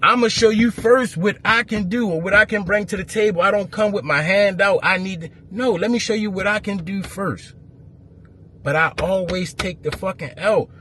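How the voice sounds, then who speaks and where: A man's voice: high voice, normal speed. Heated, profane man telling a story. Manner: profane, heated, grows louder and more animated. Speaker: event promoter. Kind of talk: storytelling rant to camera.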